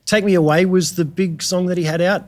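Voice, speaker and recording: Laid-back Australian guitarist telling stories. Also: male voice, high voice, fairly even intonation, a little fast. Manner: laid-back, slangy, many ums and restarts. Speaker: guitarist guest. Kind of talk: casual podcast storytelling.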